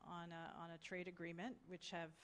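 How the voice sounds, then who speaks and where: A woman's voice: on the low side, level tone, a little fast, a little hiss or hum. A woman moderating a panel discussion, asking brief prompting questions.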